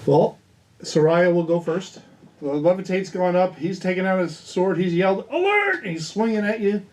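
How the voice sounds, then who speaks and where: Man, dungeon master, tabletop game, easygoing, slightly high voice, faint background hiss. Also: fairly even intonation, normal speed, dark tone, low-quality recording.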